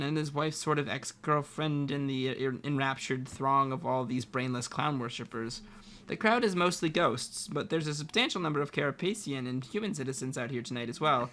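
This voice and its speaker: A man's voice: medium pitch, brisk, fairly bright tone. A man reading a story aloud as narrator who stumbles over words and restarts as he goes. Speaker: reader, co-host.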